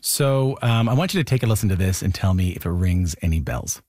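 A man's voice: low voice, animated, a little fast, over loud music. A man hosting a radio interview, talking in a playful way with lots of stammering restarts. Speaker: radio host. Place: radio studio.

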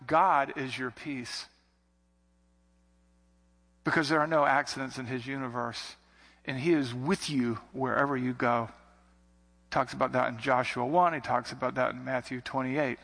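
A man's voice: medium pitch, normal speed, gravelly, long pauses, sharp tone. A man preaching a sermon in an earnest, conversational way, circling back to repeated phrases. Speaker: pastor. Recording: long hall reverb.

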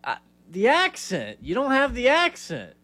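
A man's voice: very high voice, huge pitch swings, measured pace, sharp tone. A man co-hosting sports talk radio, teasing and laughing with the host from a bit off-mic.

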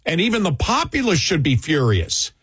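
A man with a husky, somewhat high voice, speaking in a heated and indignant way on a political talk show. The recording is close and dry, with no room sound. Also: wildly swooping pitch, moderate pace, a bit bright, dry recording.

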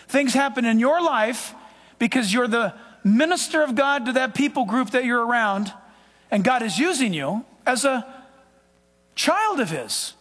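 A high-pitched male pastor delivers a sermon with emphatic, dramatic swings from loud to hushed. His voice rings out with a long reverb tail, as if in a large sanctuary.

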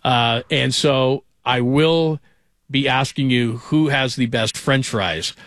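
A man hosts a sports talk radio show from a studio, chatting loosely and hopping from one story to the next. His voice sits at an ordinary middle pitch. The sound is dry, with no room echo. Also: slow, a bit bright. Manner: rambling, chatty, jumps between stories.

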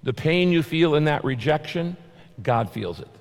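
A man preaching a sermon as pastor, earnest, repeating key phrases and dropping his voice low to stress a point. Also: animated, moderate pace, vocal fry, long reverb tail.

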